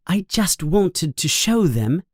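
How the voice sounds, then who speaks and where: A clever, earnest schoolgirl, as a man puts her on, her raised voice lilting up and down as she eagerly explains things. Every word comes slowly and clearly, in a dry, close recording for a storybook reading. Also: high-pitched, sing-song, no echo, voice pushed up, full character voice.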